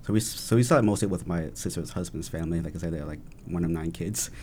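A man's voice: low voice, fast talker, a little mellow, slight background noise. A man chatting casually as a podcast guest, rambling with lots of fillers and restarts. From family from southern Vietnam. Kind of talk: casual chat.

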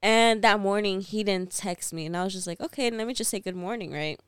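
A young woman co-hosting a podcast, telling a story in casual chat, animated and laughing often as she acts out quoted lines. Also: mid-range voice, fairly quick, smooth, dry recording, studio quality. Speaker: podcast co-host.

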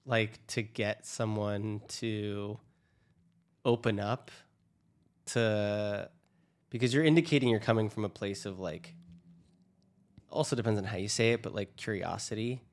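A man co-hosting a podcast, musing in a relaxed chat and trailing off softly. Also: on the low side, unhurried, pauses often. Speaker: podcast co-host. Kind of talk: casual chat.

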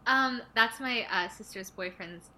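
A woman's voice: on the high side, unhurried, pushed and bright, slight background noise. A woman guest on a podcast, giggly and rambling as she tells stories about improv. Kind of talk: casual chat.

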